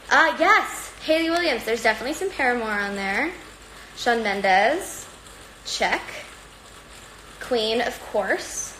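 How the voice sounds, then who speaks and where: A chatty woman with a fairly high voice, talking casually to her viewers on a livestream. She rambles in an upbeat way and sounds slightly out of breath from exercising. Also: animated, unhurried, fairly bright tone, slight background noise, poor audio. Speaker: livestream host. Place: at home.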